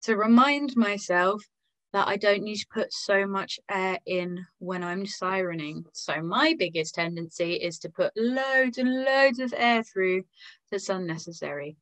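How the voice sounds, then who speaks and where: Gentle English woman teaching singing. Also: medium pitch, unhurried, poor audio. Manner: gentle, encouraging, demonstrates sounds aloud. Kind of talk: online vocal lesson.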